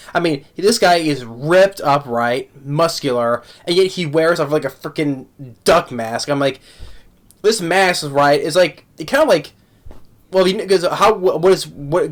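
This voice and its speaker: Guy rambling through an anime review, kinda high voice, keeps restarting his sentences and laughing. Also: a bit bright. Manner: halting, many restarts and repeated words; laughs often while talking. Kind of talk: casual spoken review.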